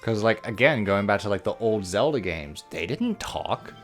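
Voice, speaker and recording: A man chats about games in a casual, joking way, swearing freely. His pitch swings widely as he acts out lines. Light game music sits behind him. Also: normal speed. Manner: animated storyteller, swears freely, jumps into funny voices. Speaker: co-host of a gameplay series. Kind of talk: casual chat over gameplay.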